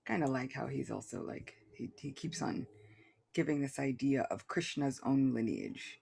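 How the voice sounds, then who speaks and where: Gravelly guy on a podcast, rambling thoughtfully through a scripture passage, lots of likes and restarts. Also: mid-range voice, animated, moderate pace, darkish tone, a little hiss or hum. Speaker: co-host reading and explaining scripture. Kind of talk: casual podcast discussion.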